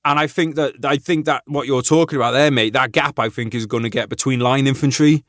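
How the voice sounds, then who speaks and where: Brief: male veteran podcast host, mid pitch, dry close sound, loose sweary laughing banter. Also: fairly even intonation, a little fast, no echo. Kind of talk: casual chat.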